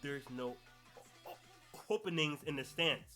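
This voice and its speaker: A man mimicking a smug, self-serious male anime swordsman in a hushed, mock-serious voice. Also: fairly high pitch, lively intonation, normal speed, soft background music.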